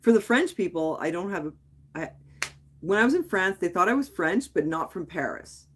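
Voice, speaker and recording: Pitched fairly low, her voice has lively intonation and a normal speed, with a little hiss or hum in the audio. A native English-speaking woman from Quebec, she hosts a laid-back late-night livestream, responding to viewers' comments candidly and ramblingly, full of "like"s and restarts as she thinks out loud.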